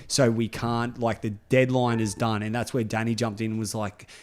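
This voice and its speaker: A man's voice: medium pitch, moderate pace. A man co-hosting a casual podcast, telling a story with lots of swearing and laughter. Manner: animated, swearing, laughs through his story. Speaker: podcast co-host.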